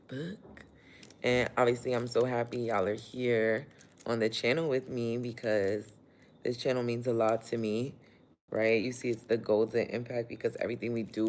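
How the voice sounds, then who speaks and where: A man hosts a relaxed livestream, talking in an everyday mid-range voice. He keeps up a chatty, motivational flow, reads out viewer comments and laughs as he goes, working while he talks. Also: medium pitch. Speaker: livestream host. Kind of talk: casual livestream chat.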